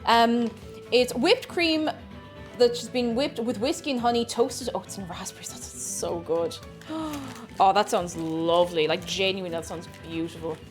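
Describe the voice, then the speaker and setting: A woman's voice: mid-range voice, a little slow, faint music behind. A young Irish woman chatting casually while she bakes on a live stream, rambling and talking to herself as she measures things out. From Ireland.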